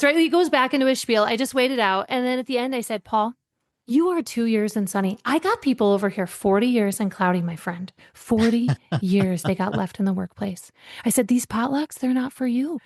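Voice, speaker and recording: A middle-aged woman, a leadership coach, telling workplace stories in a podcast interview and acting out the people she quotes. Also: a little high. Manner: animated storyteller, acts out quoted voices.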